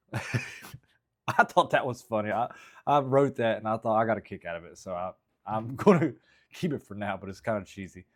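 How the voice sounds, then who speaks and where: A man in a casual vlog, talking haltingly about his stand-up material and second-guessing his own jokes. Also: fairly low pitch. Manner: halting, rambling, self-critical, frequent restarts. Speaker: stand-up comedian.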